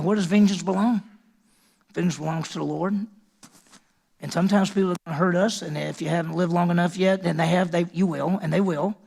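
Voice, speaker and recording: A male pastor preaching with emphasis, firing rhetorical questions at his listeners. His voice sits high for a man and has a gravelly texture. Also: darkish tone. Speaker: senior pastor. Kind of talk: sermon.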